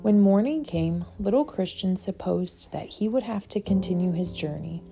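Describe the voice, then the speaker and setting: A woman narrating a children's audiobook in a gentle, measured storytelling manner. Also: on the low side, creaky, music in the background. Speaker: audiobook reader.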